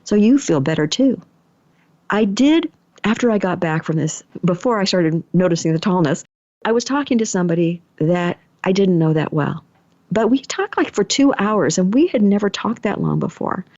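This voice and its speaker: A middle-aged woman hosts her own podcast, sharing personal stories in a relaxed, chatty way. She slips into the voices of the people and thoughts she quotes, with a pitch that sits in the middle for a woman. The recording is dry and a little dull, with no room sound. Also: normal speed, dry recording. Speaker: podcast host and energy healer. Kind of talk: casual personal storytelling.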